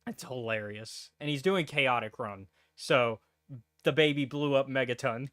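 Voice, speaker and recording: A man's voice: mid-range voice, unhurried, fairly bright tone, clear, resonant tone. Rambling man in casual podcast chat. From United States. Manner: rambling, lots of fillers and restarts. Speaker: podcast co-host.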